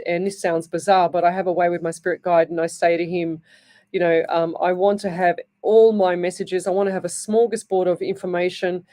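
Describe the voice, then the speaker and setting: A woman's voice: fairly low pitch, a little mellow. An Australian woman hosting live radio as a psychic medium, chatting and rambling through stories with lots of fillers, from a radio studio.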